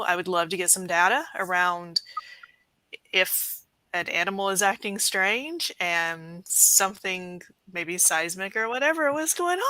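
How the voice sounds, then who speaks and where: A woman with a lowish but bright voice thinks aloud on a video call. She speaks in a thoughtful, hedging way, weighing possibilities. Her sound is dry and close, with no room around it. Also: dry recording, poor audio. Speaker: paranormal investigator on a panel. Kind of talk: casual panel discussion.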